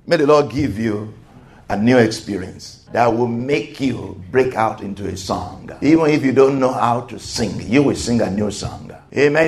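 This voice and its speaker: A man preaching a sermon, swelling into loud emphatic exclamations and calling out for amens. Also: medium pitch.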